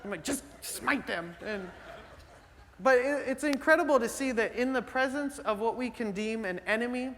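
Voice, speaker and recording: A male pastor preaching a sermon in a conversational, animated storytelling way, full of fillers and restarts. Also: very high-pitched, moderate pace, in a large hall, slight background noise. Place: church sanctuary.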